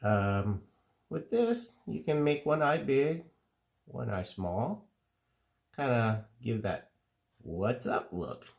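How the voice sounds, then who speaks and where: A middle-aged man calmly explaining, step by step, how to draw cartoon faces. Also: mid-range voice, gravelly. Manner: relaxed, unhurried step-by-step explaining. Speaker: drawing teacher. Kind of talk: casual drawing tutorial.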